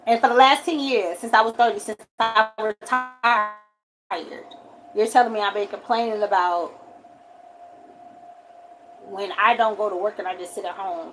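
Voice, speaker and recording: A forty-year-old woman, telling a story on a casual livestream and swinging from loud outbursts to quiet asides. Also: medium pitch, a little hiss or hum, poor audio. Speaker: livestream host.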